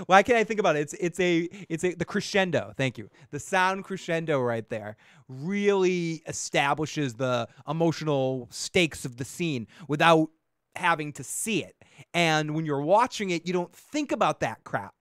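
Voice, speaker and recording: A man's voice: on the high side, a bit bright, dry recording, clean studio sound. A man with a Boston accent from Massachusetts, hosting a podcast and reviewing a TV episode in loose, profane, rambling chat that keeps trailing off and restarting. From Massachusetts, USA. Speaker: podcast host reviewing a TV show.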